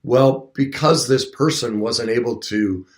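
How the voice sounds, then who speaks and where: A man's voice: mid-range voice, unhurried. A man in his fifties hosting a coaching talk show, speaking conversationally and acting out little dialogues with a lifted voice. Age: 50s. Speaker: radio show host and coach. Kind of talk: motivational talk. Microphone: streamed talk show mic, also seen on video.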